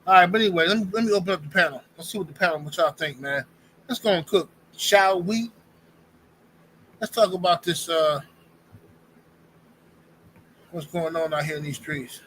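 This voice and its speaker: A man's voice: on the high side, normal speed, pauses often, fairly bright tone, a little hiss or hum, poor audio. A man in his forties hosting a livestream, talking bluntly and slangily in casual commentary. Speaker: livestream host.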